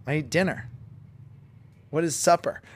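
A man's voice: a little high, measured pace, sharp tone. A man with a New England accent hosting a casual podcast interview at a fitness gym, joking and teasing his guest. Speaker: podcast host.

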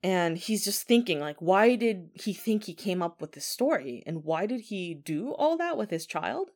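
A woman's voice: medium pitch, sing-song, normal speed, darkish tone. A woman telling a ghost story in a casual, chatty way, often saying 'like'.

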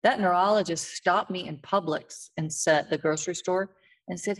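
A woman's voice: fairly low pitch, normal speed. A woman in an interview who sounds weary and a little frustrated, telling stories in a candid, plain-spoken way. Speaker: end-of-life advocate, guest. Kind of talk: conversational storytelling interview.

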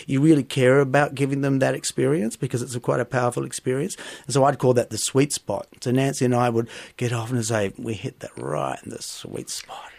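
A middle-aged man with an Australian accent recalls his stage career as an interview guest. He tells his stories expressively and lifts into animated bursts when something amuses him. The recording is dry and close, with no room sound. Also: mid-range voice, creaky, no room sound. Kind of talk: interview conversation.

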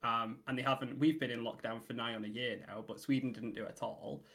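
A British man hosting a podcast, asking casual, halting questions full of "like" and "um". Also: medium pitch, steady tone, vocal fry, fairly bright tone. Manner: halting, filler-heavy questioning. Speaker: podcast host.

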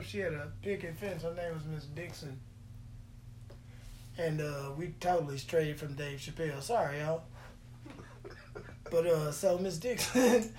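A voice rambling through a casual monologue with plenty of swearing and frequent laughter. The delivery is slow and unhurried, with a mid-range pitch. It is recorded in a roomy, echoey space with a faint hum underneath. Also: a little mellow. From Texas. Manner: profane, jokey, laughs often between lines.

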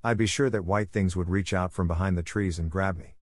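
A man's voice: deep voice, steady tone, a little fast, no echo, studio quality. A man voicing an imaginative, eager orphan girl of about eleven, talking in a breathless, dramatic rush. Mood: thrilled.

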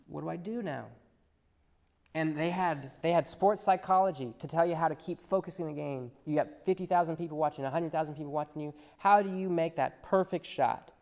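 Male preacher, fairly high voice, sermon, echoing hall, loud peaks and quiet dips. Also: creaky. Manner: animated, swings between loud emphasis and quiet asides. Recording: long reverb in a large hall.

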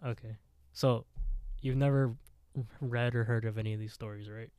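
A man's voice: medium pitch, normal speed, smooth, no room sound. Man retelling a spooky story casually. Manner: animated storyteller retelling scary tales. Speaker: podcast co-host. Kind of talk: casual chat.

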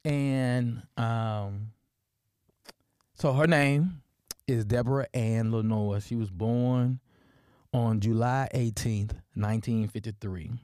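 A man from Memphis with a Deep South accent, hosting a personal podcast and telling stories with many fillers and restarts. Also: steady tone, slow, a little mellow, smooth, dry recording. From Memphis, Tennessee. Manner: storytelling, many fillers and restarts, asks "right?". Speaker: podcast host.

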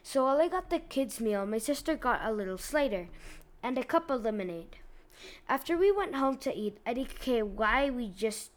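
A woman with a high, bright-pitched voice hosts a laid-back video, reading online posts aloud. She talks in loose slang, giggles often, and jumps between loud outbursts and quieter asides. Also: lively intonation, normal speed. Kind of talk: casual commentary and reading aloud.

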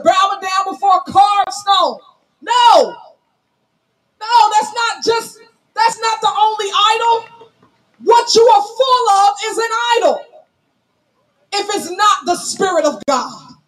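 A woman pastor preaching a sermon loudly and emphatically, calling on the congregation to answer back, in a folksy storytelling manner. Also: very high voice, low-quality recording. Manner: preaching loudly, emphatic, calls for audience responses; folksy, tells stories on herself.

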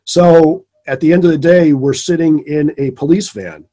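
A man with a mellow, slightly husky voice that sits a bit high for a man. He tells a personal story from his teaching days in casual conversation. He is earnest and rambling, and he repeats phrases for emphasis. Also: fairly even intonation, normal speed. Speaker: guest, former teacher.

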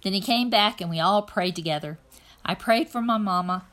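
A woman reading a children's novel aloud in an even, plain first-person narration. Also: medium pitch, moderate pace. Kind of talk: read-aloud storytelling.

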